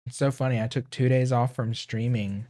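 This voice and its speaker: A young man streaming a game, chatting casually and rambling to himself, his voice a little hoarse and often clearing his throat. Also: medium pitch, fairly even intonation, moderate pace, mellow, no echo, clean studio sound. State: slightly hoarse. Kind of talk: casual gameplay chat.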